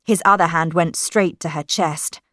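A woman reading a storybook aloud in a measured, clear way. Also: fairly low pitch, fairly bright tone, dry recording, studio quality.

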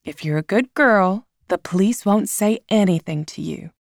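A woman's voice: mid-range voice, normal speed, gravelly, dry recording, studio quality, natural voice. A woman reading aloud, voicing a worried, exasperated middle-aged mother in a storybook. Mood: reassuring.

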